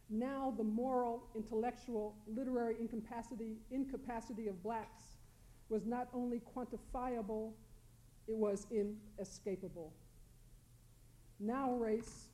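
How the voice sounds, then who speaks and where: A woman with a fairly high, mellow, warm voice delivers a prepared academic talk from a panel. She reads in a measured, deliberate way and presses hard on key words. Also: poor audio. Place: lecture hall panel.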